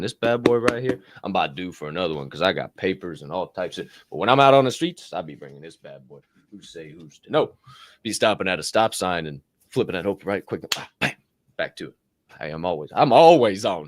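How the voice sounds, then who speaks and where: A man hosting a podcast, with loud, laughing, profane banter in casual chat. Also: low voice, lively intonation, brisk, no echo. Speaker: podcast host.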